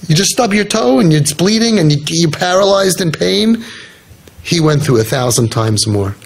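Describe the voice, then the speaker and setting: A man's voice: high voice, lively intonation, normal speed, gravelly. A man speaking earnestly to parents in a heartfelt talk, telling stories and swinging his voice up for emphasis.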